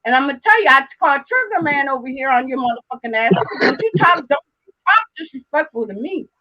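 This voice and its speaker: A woman hosting her live stream in a very high, sharp voice. She rants heatedly and with lots of swearing, hammering her points home by repeating them. Her pitch swings widely as she talks. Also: expressive, fast talker, muffled recording. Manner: heated, profane, emphatic, repeats herself. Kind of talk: casual live stream rant.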